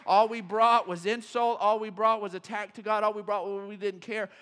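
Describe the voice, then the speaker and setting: High-voiced preacher, animated and dramatic. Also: male voice, normal speed. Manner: animated, acts out quotes, swings from loud to hushed. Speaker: pastor. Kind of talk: sermon. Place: church sanctuary.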